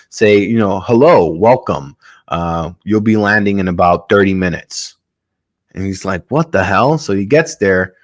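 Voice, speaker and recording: Guy on a podcast telling a wild story, lowish voice, lots of ums, swears casually. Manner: rambling, many fillers and casual swearing. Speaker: podcast host.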